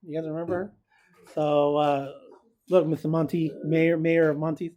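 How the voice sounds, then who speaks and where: A man's voice: on the high side, level tone, moderate pace, warm tone, dull audio. A man teaching a casual recorded math lesson, chatty and joking, who keeps quizzing his students.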